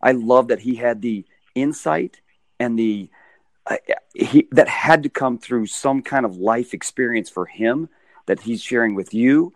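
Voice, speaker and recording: A man's voice: mid-range voice, measured pace, no room sound. A man hosting a casual interview, responding to his guest with short, engaged affirmations. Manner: warmly reactive, short affirmations. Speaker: host.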